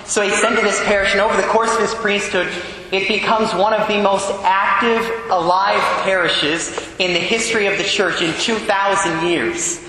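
A man's voice: sits high, steady tone, normal speed, background noise. A man, a Catholic priest, reading the Gospel and then preaching a homily in a conversational, emphatic way, often asking the congregation "right?". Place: large echoing church. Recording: echoey church hall with long reverb.

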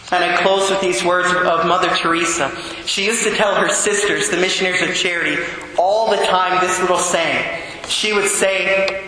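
This preacher teaching students speaks in a high-pitched, sharp, steady tone at a moderate pace. He poses questions to the children throughout his homily, recorded with slight background noise in a space with long, roomy reverb.

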